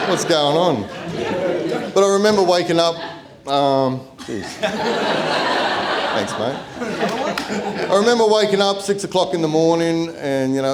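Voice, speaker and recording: A man's voice: medium pitch, background noise. A middle-aged Australian man, the groom's father, giving a chatty, self-deprecating wedding speech at a reception.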